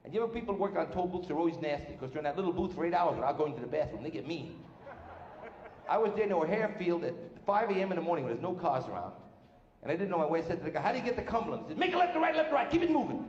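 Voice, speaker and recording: A man doing a live stand-up routine with brash, rapid-fire joke telling on a large stage. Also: a little high, lively intonation, a little mellow, dull audio. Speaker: stand-up comedian. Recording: roomy live hall with faint noise.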